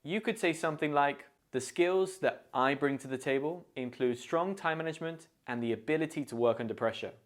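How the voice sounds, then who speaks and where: British man teaching English idioms. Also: fairly high pitch. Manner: clear, deliberate, pronunciation-focused teaching. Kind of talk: scripted idiom lesson.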